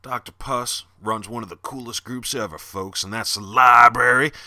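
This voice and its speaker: A man with a Southern accent who hosts a podcast, reading a dark horror story and then plugging books in loud, animated chat. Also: mid-range voice, normal speed, no echo, clean studio sound. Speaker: podcast host and horror author.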